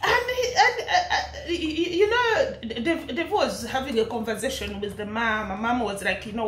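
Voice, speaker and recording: A woman's voice: fairly high pitch, lively intonation, normal speed, few pauses, a bit bright, roomy sound, a little hiss or hum. A woman with an East African English accent ranting in commentary, indignant and laughing, firing rhetorical questions. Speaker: commentary vlogger.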